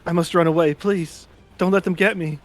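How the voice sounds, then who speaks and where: A man's voice: high voice, fairly even intonation, normal speed, soft background music, pitched above the performer's own voice, natural voice. A man voicing a female adventurer who plays a helpless damsel, sweet and theatrical in tone. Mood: pleading.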